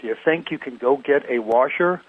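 A man's voice: mid-range voice, fairly quick, slightly rough, no echo, lightly acted. A man voicing a patient middle-aged carpenter who coaxes his helper, heard over a tinny phone line. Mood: coaxing. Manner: coaxing, patient.

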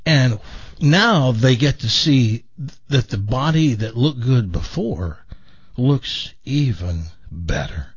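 Animated joke-telling radio host, man. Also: mid-range voice, takes it slowly, slightly rough. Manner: animated joke-telling, voicing characters in quotes. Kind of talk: telling jokes on talk radio. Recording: dull lo-fi radio broadcast.

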